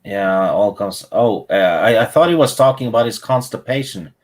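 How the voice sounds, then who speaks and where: A man's voice: on the low side, lively intonation, moderate pace. A man co-hosting a casual chat, laid-back with dry jokes. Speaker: co-host.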